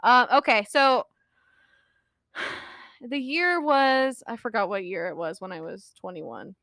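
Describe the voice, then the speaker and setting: Giggly high bright-voiced woman. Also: slow pace, dry recording. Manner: rambling and giggly, laughs often mid-sentence. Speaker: podcast co-host. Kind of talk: casual storytelling chat.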